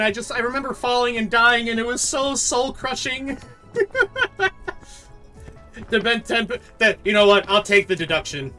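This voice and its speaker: A man streaming a game live, commenting excitedly, thanking viewers and laughing often. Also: very high-pitched, normal speed, faint music behind.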